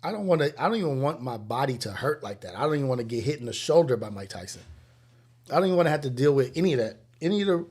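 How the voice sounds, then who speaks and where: Husky animated man in his forties. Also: medium pitch, rapid-fire. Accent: Los Angeles. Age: 40s. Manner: laughs often, animated storytelling. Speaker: livestream host. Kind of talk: casual livestream chat.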